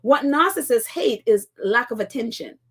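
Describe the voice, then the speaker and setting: A woman's voice: fairly high pitch, expressive, moderate pace, slightly rough. A woman hosting a casual live-stream chat, reading viewer comments and rambling through stories with many restarts and laughs. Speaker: host of a live chat show.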